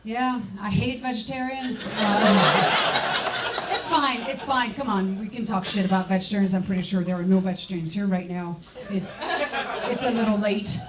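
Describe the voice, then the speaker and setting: A woman from France with a French accent, performing a stand-up comedy set in a sardonic, deadpan manner with frequent cursing. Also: medium pitch, moderate pace. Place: comedy club stage. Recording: echoey club, distant mic, audience noise.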